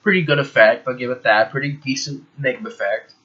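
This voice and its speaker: A man's voice: mid-range voice, a little fast, pushed and bright, breathy edge, lo-fi sound. A man giving a casual, rambling movie review, emphatic and full of fillers.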